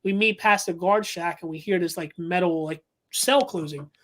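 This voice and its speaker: A man's voice: sits high, normal speed, fairly bright tone. A man telling a story as a guest paranormal investigator, talking casually with many fillers and restarts.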